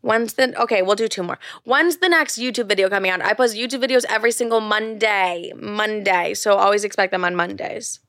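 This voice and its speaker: A woman's voice: mid-range voice, brisk, hardly any pauses, fairly bright tone, no echo, clean studio sound. A young woman in her twenties hosting a solo podcast, telling stories candidly with lots of "like" and swearing. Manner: candid storytelling, heavy filler "like", frequent swearing. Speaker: podcast host. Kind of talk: casual solo podcast chat.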